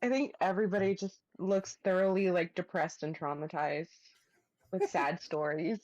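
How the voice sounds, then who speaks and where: A woman's voice: on the low side, moderate pace, no echo, poor audio. A woman playing in an online tabletop game, chatting casually, laughing a lot and swearing freely. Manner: giggly, excitable, swears freely. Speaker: player.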